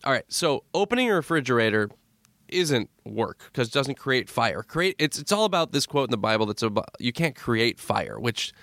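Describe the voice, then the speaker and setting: A man talking as a guest on a podcast, telling stories in a lively, joking way with quick asides. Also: mid-range voice, no room sound, clean studio sound. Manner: animated storyteller, jokey asides. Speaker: comedy producer, guest. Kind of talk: casual podcast chat.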